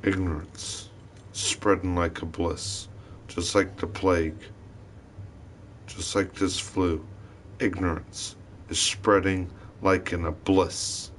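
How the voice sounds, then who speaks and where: A man's voice: low-pitched, little pitch movement, slow pace, slight background noise. A man talking in a rambling, wandering monologue, swearing often as he tells his story.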